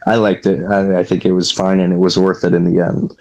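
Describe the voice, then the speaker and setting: A man's voice: deep voice, little pitch movement, fairly quick, darkish tone, highs cut off. A man, a wrestler guest on a podcast, chatting in a laid-back way and laughing easily. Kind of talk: casual podcast chat.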